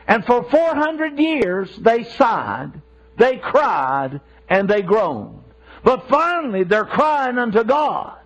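A man preaching a sermon with passion, repeating himself for emphasis. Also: sits high. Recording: dull lo-fi sermon recording.

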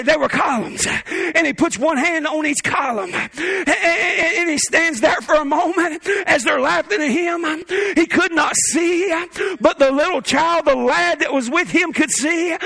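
High, gravelly shouting preacher man. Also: moderate pace, no echo. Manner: fervent, shouting bursts with chuckles and folksy asides. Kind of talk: revival sermon. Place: church sanctuary.

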